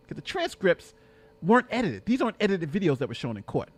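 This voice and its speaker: A man giving excitable reaction commentary, repeating himself and now and then bursting into shouts. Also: high voice, fast talker.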